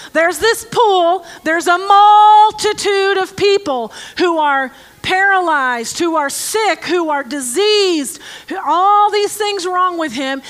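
Female preacher, very high and bright, slow scripture reading broken by sarcastic jokes at the congregation. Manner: joking, sarcastic asides to the congregation. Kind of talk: conversational sermon with Bible reading.

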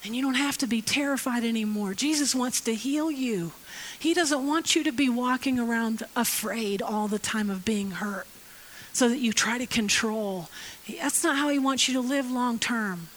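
A woman's voice: fairly high pitch, normal speed, slight background noise, poor audio. A woman in her fifties preaching a conversational sermon as pastor, acting out quotes and stories. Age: 50s. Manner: conversational, acts out quotes, laughs often.

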